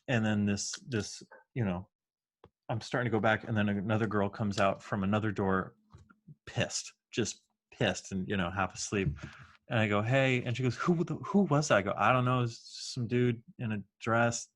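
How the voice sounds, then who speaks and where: A man with a lowish voice co-hosts a podcast in relaxed, casual chat. He tells loose, rambling stories, restarting sentences and filling gaps with "um" and "like.". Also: normal speed. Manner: rambling storyteller, many fillers and restarts. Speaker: podcast co-host.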